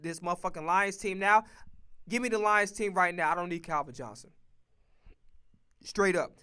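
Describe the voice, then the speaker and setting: The voice is high, sharp, and clean. It belongs to a man streaming a casual rant about football picks, a sports commentator who swears freely and repeats himself with emphasis.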